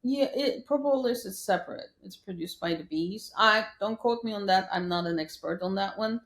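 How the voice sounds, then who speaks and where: A woman's voice: mid-range voice, normal speed. Woman guest in a roomy space. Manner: lively storyteller who acts out quoted voices. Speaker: guest, skincare scientist and company founder. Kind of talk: interview conversation. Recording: roomy echo.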